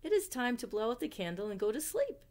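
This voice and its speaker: A woman's voice: a little high, sing-song, fast talker, a little mellow, pitched above the performer's own voice. Woman doing a fussy, silly storybook owl. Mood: worried. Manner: exclaims in rising alarm, fussy. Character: silly, well-meaning fussy male owl.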